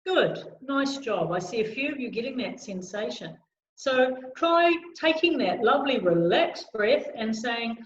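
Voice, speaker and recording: A woman leading a choir through a vocal warm-up lesson on a video call, encouraging and demonstrating sounds aloud. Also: high-pitched, animated, moderate pace. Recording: roomy, slightly dull video call audio.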